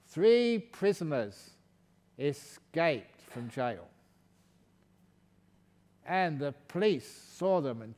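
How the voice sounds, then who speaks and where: A man giving a calm, gentle meditation talk at a retreat, slipping in playful jokes. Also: on the high side, long reverb tail. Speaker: meditation teacher.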